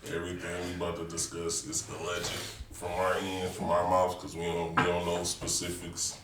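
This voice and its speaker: Deep-voiced man hosting a loose podcast. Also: monotone, normal speed. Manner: loose, rambling, cursing, stop-start. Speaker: podcast host. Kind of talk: casual podcast chat. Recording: echoey room, distant mic, noisy.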